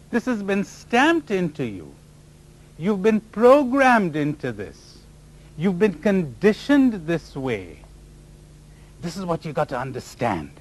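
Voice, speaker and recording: A man's voice: a little high, a little mellow. A man giving a spiritual talk to a live audience, teasing them with rhetorical questions and sometimes mimicking other people's voices. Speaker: spiritual teacher.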